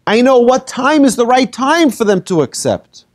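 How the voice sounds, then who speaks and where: A rabbi giving a lively talk to an audience, telling made-up stories and asking the listeners questions. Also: male voice, extremely high pitch, moderate pace. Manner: animated, asks the audience questions, tells hypothetical stories. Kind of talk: lively lecture to a live audience.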